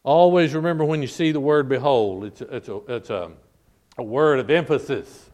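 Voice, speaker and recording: A pastor preaches a sermon to his congregation at a church service, addressing them as "folk." His mid-range, darkish voice moves at normal speed, emphatic and repetitive, stretching out key words for stress.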